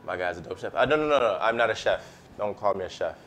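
A man's voice: lowish voice, expressive, fast talker, fairly bright tone, a little hiss or hum. A man chatting casually with his live-stream audience while he cooks, in a laid-back, slangy way. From United States. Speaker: cooking streamer. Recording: faint music behind.

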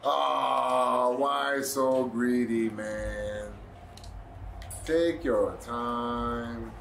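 A man playing a video game match and reacting out loud, scolding his own players in a drawn-out way. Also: medium pitch, steady tone, vocal fry. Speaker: gamer playing in a tournament. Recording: echoey room with faint noise.

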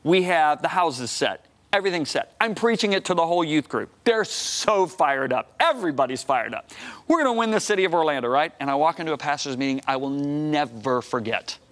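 Emphatic older male preacher telling a story. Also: a little fast. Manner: emphatic, rising to high excited outbursts. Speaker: guest preacher and author. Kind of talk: animated storytelling on a talk show. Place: television studio set.

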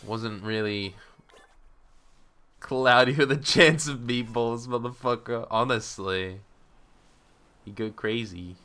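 A man streaming a game, talking casually to himself and viewers, swearing freely, laughing often and bursting into loud outrage. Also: medium pitch, slow pace, long pauses. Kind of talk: casual gameplay commentary.

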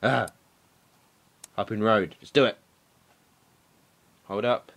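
A young man doing let's play commentary, excitable and swearing, shouting at the game. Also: lowish voice, takes it slowly, creaky. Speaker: gaming commentator.

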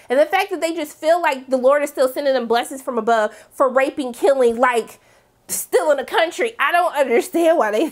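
Sassy high-voiced woman recapping a show. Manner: sassy, animated, slangy, dramatic asides. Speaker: TV recap host. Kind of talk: casual episode recap commentary.

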